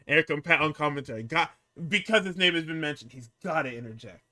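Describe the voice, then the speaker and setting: Dude on a podcast, super bright voice, acting out quotes, cursing a lot. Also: male voice, a little high, fast talker, hardly any pauses. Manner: animated, profane storytelling, acting out quotes, frequent laughter. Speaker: podcast co-host recapping wrestling. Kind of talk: casual chat.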